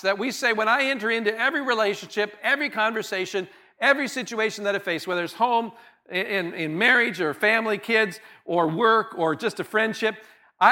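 A man's voice: high-pitched, bright, forceful tone. A male pastor preaching a sermon in a church, earnest and conversational, often restarting his words and stopping for light laughs. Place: church sanctuary.

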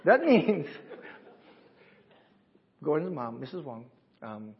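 Pastor guy chatting with his church, voice a bit high, muffled lo-fi sound. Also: sing-song, slow pace, creaky. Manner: warm, upbeat, talks with the congregation and teaches them. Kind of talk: sermon. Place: church service.

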